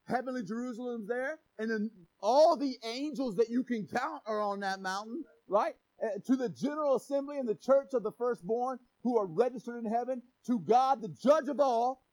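A man with a strikingly high-pitched voice preaching a sermon. He is animated and playful, joking with the congregation. He punches key phrases with shouted emphasis. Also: poor audio. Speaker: pastor.

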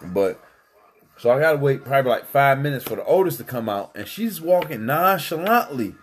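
A man's voice: medium pitch, sing-song, brisk, husky. A man in casual chat, telling a family story in a heated, profane way.

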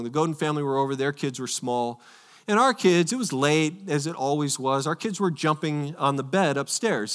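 A male pastor preaching a sermon, telling a personal story in an earnest way, repeating words and swinging between loud and soft. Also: fairly high pitch.

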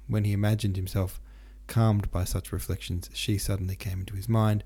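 Casting: low, gravelly male narrator for a literary audiobook, occasional restarts. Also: brisk, hardly any pauses. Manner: steady reading with occasional stumbles and restarts.

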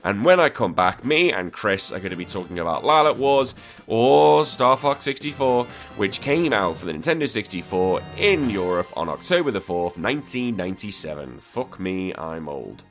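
Podcast host, male, Liverpool accent, sore throat; a low voice with lively pitch that jokes and swears bluntly. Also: moderate pace, soft background music. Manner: swears freely, jokey and blunt. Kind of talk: casual podcast chat.

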